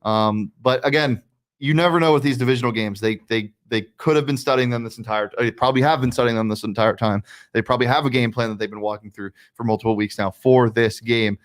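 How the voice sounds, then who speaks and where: A man hosting a sports betting show, talking casually and fast with frequent fillers and restarts. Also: medium pitch.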